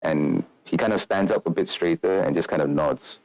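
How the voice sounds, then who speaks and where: A man's voice: low-pitched, moderate pace, a little mellow, no room sound, poor audio. A man narrating as game master of a tabletop game, describing scenes in a rambling way with many fillers.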